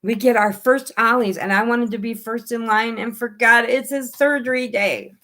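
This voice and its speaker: A woman chatting casually on a home live stream, telling lively stories and acting out what people said. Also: a little high, moderate pace. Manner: animated storyteller who acts out quoted voices.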